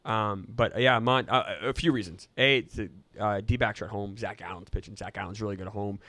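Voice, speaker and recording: A man whose voice is shot and hoarse, hosting a sports betting show in casual, ribbing banter as he gives his pick of the day. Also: lowish voice, steady tone, a little fast, a bit bright, no echo.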